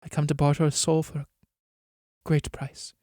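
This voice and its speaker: A man voicing a noble, selfless countess in a quiet, solemn and restrained way. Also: a little high, monotone, moderate pace, dry recording, studio quality, lightly acted.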